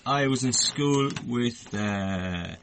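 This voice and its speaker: An Irish man, co-host of a podcast, telling a story in casual chat, animated and swearing freely. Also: medium pitch, very slow, over a noisy crowd. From Ireland.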